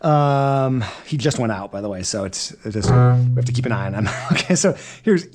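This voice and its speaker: A man teaching double bass, chatting and thinking aloud as he works through practice exercises, sweaty and a little winded. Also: lively intonation, normal speed, a little mellow, faint music behind. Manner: chatty, rambling, thinks aloud between passages. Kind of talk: casual practice demonstration.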